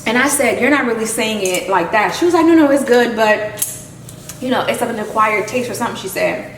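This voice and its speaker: A woman's voice: on the high side, fairly quick, reverberant, recorded from a distance, poor audio. Woman, chatty vlogger, cooking at home, hums over food, ambient household noise. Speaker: lifestyle vlogger. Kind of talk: casual chat to camera while cooking. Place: home kitchen.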